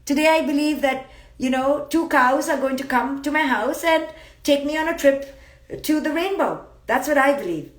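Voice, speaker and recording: A woman's voice: high voice, normal speed. Emphatic woman in an echoey room. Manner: emphatic, repeats key words, playful and blunt. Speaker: psychologist and motivational speaker. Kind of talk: live-streamed motivational talk. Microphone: phone live stream. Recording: roomy echo.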